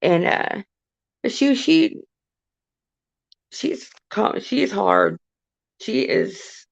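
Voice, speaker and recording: A woman in her thirties streaming live, with a strongly gravelly, fry-heavy voice. She talks in stops and starts, doubling back and repeating herself. The phone audio sounds dull and lo-fi. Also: fairly high pitch, big pitch swings. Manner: halting, with restarts and repeated phrases. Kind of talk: casual storytelling on a livestream.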